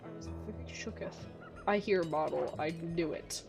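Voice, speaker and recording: A woman's voice: lowish voice, moderate pace, gravelly. A young woman streaming a game, chatting casually and rambling with lots of fillers and restarts. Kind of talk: casual gameplay chat. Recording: music playing behind the voice.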